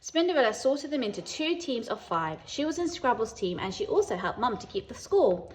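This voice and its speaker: A woman with a British accent reading a children's picture book aloud as a teacher, expressive and lively. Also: a little high, brisk, slight background noise. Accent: British English. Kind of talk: children's story read-aloud.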